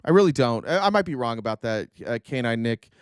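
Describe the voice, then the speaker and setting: A man's voice: medium pitch, fast talker, clean tone, dry recording, studio quality. Sarcastic man commenting on a stream. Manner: sarcastic, animated. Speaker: streamer host.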